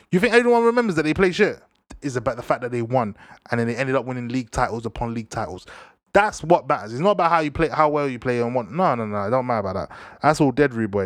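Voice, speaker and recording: Young man, football banter, slang-heavy, animated, higher voice, dry sound. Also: no echo. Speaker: football vlogger.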